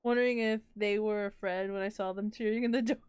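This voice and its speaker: A woman streamer giving casual gameplay commentary, giggly and quick to laugh, with dramatic reactions, on a close desk mic. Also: medium pitch, steady tone, darkish tone, clean tone, no echo.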